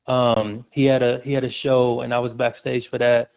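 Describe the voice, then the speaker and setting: A man, a sportswriter guest, telling stories in a relaxed, slangy way during a casual interview. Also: medium pitch, moderate pace, gravelly. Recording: tinny phone-like audio.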